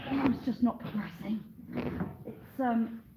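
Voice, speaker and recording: A woman's voice: on the high side, slow, very noisy. A woman filming a farm vlog in a sheep pen, coaxing and urging a ewe while she works and talking to viewers between sighs. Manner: effortful, sighing, swears while wrestling a sheep. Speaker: farmer vlogger.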